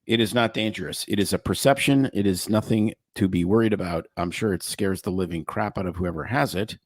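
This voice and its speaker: Low-voiced male doctor, joking podcast co-host. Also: a little fast, no echo, studio quality. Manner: chatty, explains medical terms with playful jokes. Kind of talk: casual podcast chat.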